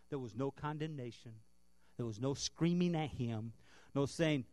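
A man preaching a sermon as a guest pastor in a church, swinging from loud earnest preaching to quiet tender tones, then leading a prayer. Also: medium pitch, a little slow, no echo. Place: church building.

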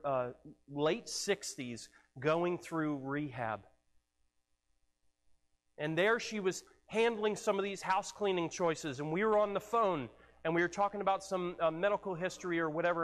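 Male pastor, high voice, earnest sermon delivery with repeated words, church hall with long reverb. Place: church sanctuary.

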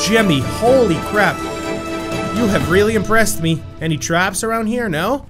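A young man giving excited gameplay commentary, yelling at his character and then muttering to himself. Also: sits high, normal speed, soft background music. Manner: loud, shouts at his game character; animated, swings from yelling to muttering. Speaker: gaming YouTuber.

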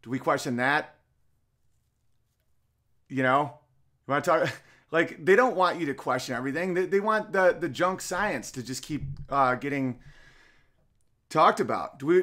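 Middle-aged man, podcast host, sarcastic, animated monologue, slightly high voice. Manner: animated, sarcastic, rapid rhetorical questions. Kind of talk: casual comedic podcast monologue.

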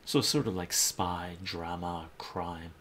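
A man's voice: low voice, steady tone, unhurried, fairly bright tone, slight background noise. A man hosting a live stream, chatting casually and enthusiastically about comic books and reading out chat messages.

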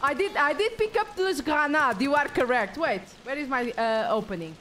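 Lady streamer reacting to a horror game, high voice, jokey and sweary. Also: normal speed, slight background noise. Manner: excitable, jokey, swears a lot. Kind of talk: casual live-stream commentary.

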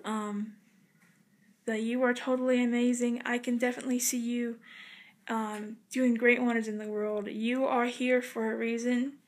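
Young woman vlogger with a somewhat high voice, talking to camera in a halting, earnest way from a hotel room. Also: flat delivery. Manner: halting and earnest, with many pauses and restarts. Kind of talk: casual heartfelt address to camera.

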